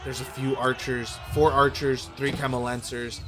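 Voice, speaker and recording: A man casting a strategy game match, opinionated, quick to correct himself, and his voice is going hoarse. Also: medium pitch, little pitch movement. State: losing his voice. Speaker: game caster. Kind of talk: play-by-play strategy game commentary.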